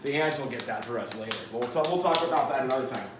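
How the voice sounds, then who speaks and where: A man's voice: medium pitch, very fast, noisy background. A man hosting a casual cooking demonstration at home, rambling and joking, with lots of fillers and restarts. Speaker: cooking show host. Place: home kitchen. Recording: echoey kitchen with clattering dishes. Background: clattering pots and dishes.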